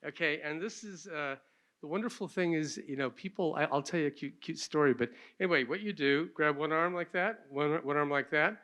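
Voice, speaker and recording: Older man, gentle pediatrician, slightly high. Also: brisk. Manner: gentle, plainspoken, self-deprecating. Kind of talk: demonstration and conference talk.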